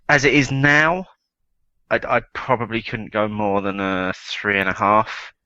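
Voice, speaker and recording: A man's voice: fairly low pitch, fairly even intonation, slow pace, sharp tone, no room sound, dull audio. A man co-hosting a beer podcast, speaking thoughtfully with frequent hesitant repeats. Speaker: podcast co-host. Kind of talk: casual chat.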